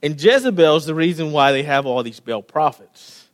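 A man with a fairly high voice preaches a sermon. He tells the story in a loose, animated way with casual slang. He sinks to a near-whisper for the quiet moments. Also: moderate pace. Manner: casual, with slang and frequent word repeats. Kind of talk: sermon retelling a scripture story.

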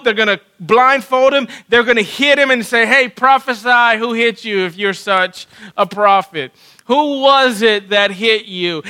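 A man preaching from the pulpit with a high, bright voice and a slow, deliberate pace. He talks earnestly, often restarting and repeating words. He drops into hushed passages and then builds to loud, emphatic stretches. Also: clear, resonant tone, low-quality recording. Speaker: pastor. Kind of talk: sermon.

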